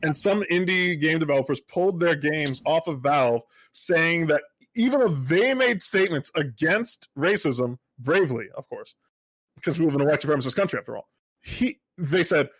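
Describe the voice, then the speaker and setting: A young man co-hosting a casual podcast, making dry, deadpan sarcastic remarks. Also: on the high side, normal speed, no echo, low-quality recording. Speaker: podcast co-host. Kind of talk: casual political comedy chat.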